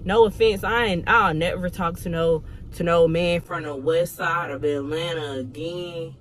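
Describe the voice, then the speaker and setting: A woman's voice: on the low side, steady tone, measured pace, a little hiss or hum. A young woman from Georgia, telling a candid, profane storytime vlog with exasperated asides. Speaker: vlogger.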